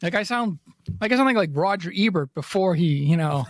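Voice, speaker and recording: A man hosting a podcast in casual, rambling chat, with a raspy voice and a jokey, self-mocking way of talking. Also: high-pitched, animated, fairly quick, no echo, studio quality. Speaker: podcast host.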